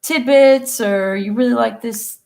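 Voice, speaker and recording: A young woman hosts a relaxed painting lesson over a laptop stream, rambling and talking half to herself as she works. Her voice sits a touch high with a gravelly fry. She speaks at an unhurried, slow pace. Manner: chatty, rambling, self-talking while painting. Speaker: painting class host. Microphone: laptop mic.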